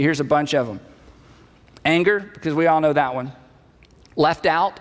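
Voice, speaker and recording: High-voiced pastor preaching in a hall. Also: male voice, normal speed, long pauses. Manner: conversational, acts out quoted dialogue, repeats key phrases. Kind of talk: sermon. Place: church sanctuary. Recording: reverberant church hall.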